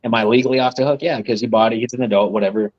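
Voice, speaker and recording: The speaker is a reptile breeder guesting on a live podcast, spinning rambling, foul-mouthed stories and cracking himself up. His voice is mid-range, steady and darkish, and he speaks very fast. The recording is muffled.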